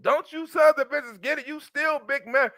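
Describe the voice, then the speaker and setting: A man hosting his own channel, his voice slightly sore after a cough, talking loosely and crudely in an animated rant to his viewers. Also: extremely high pitch, normal speed, no echo. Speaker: channel host. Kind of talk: casual political rant to viewers.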